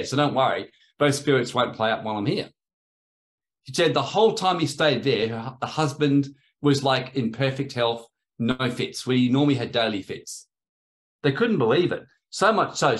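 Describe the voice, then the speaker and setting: A man giving a rambling, anecdotal talk on spiritual authority, in a sermon style. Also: mid-range voice. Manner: rambling, anecdotal, acts out quoted voices. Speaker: spiritual teacher.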